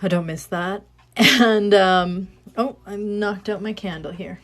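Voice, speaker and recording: A woman in her thirties with a soothing voice, chatting casually and rambling softly while she crafts at home, speaking into a phone. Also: mid-range voice, a little slow. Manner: chatty, rambling, soft-spoken. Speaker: craft livestreamer.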